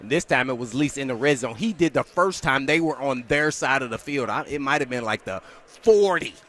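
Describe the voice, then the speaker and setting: A man's voice: medium pitch, expressive, fairly quick, fairly bright tone. A man co-hosting a sports radio show in casual chat, rambling and repeating his words.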